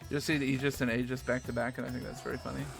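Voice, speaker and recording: A man's voice: medium pitch, little pitch movement, very fast, gravelly. A man with a New Zealand accent chatting casually on a game stream, rambling with fillers and casual swearing. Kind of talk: casual gaming stream chat. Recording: music playing behind the voice.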